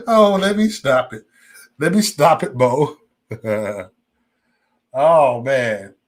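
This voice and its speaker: A man's voice: medium pitch, expressive, very slow, pauses often. A man hosting a casual livestream, talking straight to his chat in a loose, rambling and profane way. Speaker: livestream host.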